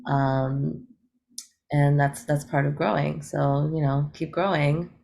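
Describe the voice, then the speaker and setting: A woman from the United States, an eco-rapper, appears as a guest on an interview show, chatting casually and upbeat with many fillers and frequent laughter. Her voice sits low and level, slow-paced, creaky and mellow.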